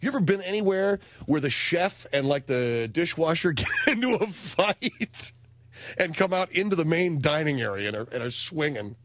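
Animated American talk radio host. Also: male voice, a little high, moderate pace, dry recording. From United States. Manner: animated storyteller, wry.

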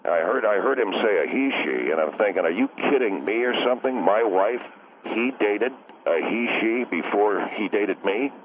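A man's voice: on the low side, expressive, normal speed, a little hiss or hum, natural voice. An actor playing a touchy, rambling husband calling into a radio comedy show, who keeps mixing up he and she. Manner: defensive, rambling, mixes up he and she. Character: touchy rambling middle-aged husband caller. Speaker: caller. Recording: tinny phone line.

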